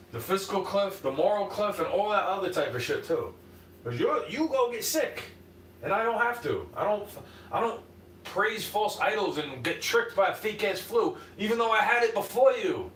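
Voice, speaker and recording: Livestream host, male, higher-pitched, combative and cursing, echoey room far off the mic. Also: fairly bright tone, a little hiss or hum. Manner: profane, sarcastic, combative; mocking, mimics opponents. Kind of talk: unscripted rant.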